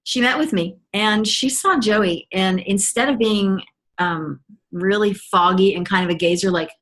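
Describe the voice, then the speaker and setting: A woman's voice: medium pitch, a little slow, fairly bright tone. Chatty middle-aged mother telling her story. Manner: chatty, with frequent ums and restarts; earnest and enthusiastic. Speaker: mother giving a testimonial. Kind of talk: personal testimony to an audience.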